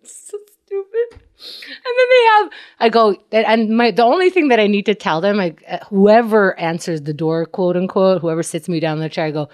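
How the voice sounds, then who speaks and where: Animated, laughing comedian woman. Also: mid-range voice, moderate pace. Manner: animated storytelling, frequent laughter, swearing. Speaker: comedian, podcast host. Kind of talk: casual comedic chat.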